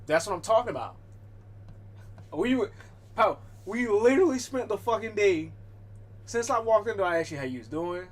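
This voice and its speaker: A man's voice: high-pitched, animated, moderate pace, long pauses. Rambling, profane man with a raised voice. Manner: rambling, profane, talking to his cat; frequent self-interruptions and restarts. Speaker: livestreamer. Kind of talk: casual stream chat.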